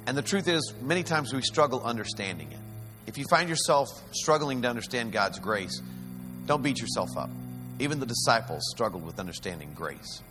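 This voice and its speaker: An actor who narrates a short video, then plays Jesus as a calm, gentle, patient man. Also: mid-range voice, brisk, in a large hall, over music, close to an everyday voice. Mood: earnest. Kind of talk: video narration and comic skit.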